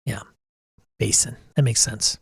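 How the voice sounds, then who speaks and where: A man's voice: medium pitch, steady tone, unhurried, vocal fry, breathy edge, no room sound. Middle-aged male host, casual and blunt, exasperated rants, dry close sound. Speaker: podcast host. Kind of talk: casual livestream talk.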